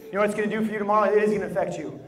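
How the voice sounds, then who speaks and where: High-voiced man coaching an echoey crowd. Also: steady tone, racing. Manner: emphatic and directive, repeats his cues. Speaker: motivational coach leading a group exercise. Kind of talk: live instruction to a group. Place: large room with an audience. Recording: echoey hall with crowd noise.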